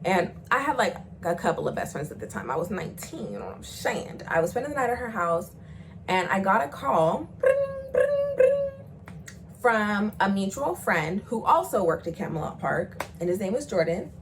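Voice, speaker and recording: A young woman talks straight to camera in a chatty storytime vlog, her pitch jumping around as she mimics other people's voices. Her voice sits in a middle register, and she swears and uses slang freely. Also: a little fast, background noise. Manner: animated, acts out the voices of people she quotes. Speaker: vlogger.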